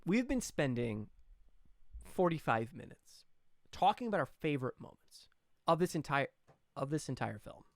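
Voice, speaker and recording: Excitable podcast host guy, swears a lot, dry close mic. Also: on the high side, moderate pace, creaky, pauses often, no echo. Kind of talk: casual podcast chat.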